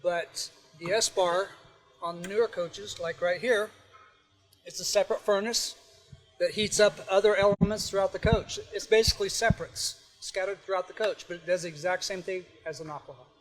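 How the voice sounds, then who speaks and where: A man's voice: high-pitched, steady tone, normal speed, faint music behind. A man working as a service technician explains heating systems plainly in a coach bay, restarting mid-word at times.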